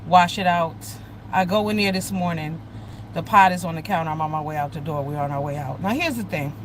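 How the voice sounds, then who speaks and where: A woman's voice: low-pitched, quick pace, slight background noise, rough recording. Blunt, profane woman ranting on a livestream. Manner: blunt, profane, heated storytelling; greets viewers by name mid-talk. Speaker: livestream host. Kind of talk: casual livestream rant.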